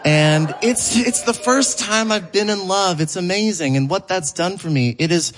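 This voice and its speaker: A male comedian doing a live stand-up set on a theater stage, telling stories animatedly and laughing through his punchlines. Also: moderate pace. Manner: animated storytelling that jumps high for quoted voices.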